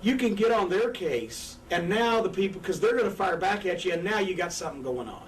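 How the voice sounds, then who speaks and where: Brief profane, animated older man, high-pitched. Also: fairly quick. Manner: profane, animated, acts out crowd and wrestler voices. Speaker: former pro wrestler, guest. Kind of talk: candid interview storytelling. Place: indoors, seated on a couch. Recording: distant mic with faint background noise.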